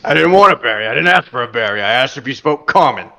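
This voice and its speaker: A man voicing a gruff, suspicious male dwarf who speaks in short, irritable sentences. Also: mid-range voice, animated, quick pace, bright, forceful tone. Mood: irritated. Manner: curt and irritable.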